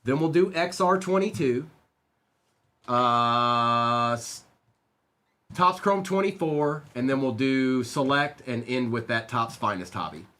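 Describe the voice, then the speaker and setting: A man's voice: mid-range voice, expressive, pushed and bright. Guy running a card break livestream, talking to chat, voice bounces up and down a lot. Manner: talks to chat viewers by name, reads lists of names quickly. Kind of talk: casual live-stream chat.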